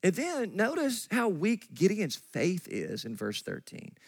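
Guy preaching, slow and drawn out, voice goes way up and down, dry sound. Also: sits high, vocal fry, breathy edge, no room sound. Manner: animated, acts out quoted voices of God and Gideon. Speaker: pastor. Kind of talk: sermon. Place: church sanctuary.

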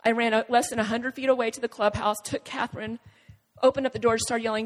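A woman with a high voice tells a personal testimony, earnest and halting, with long pauses between phrases. Her voice rings out with the long reverb of a large hall. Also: fairly even intonation. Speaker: speaker sharing a personal testimony. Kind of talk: emotional spoken testimony.

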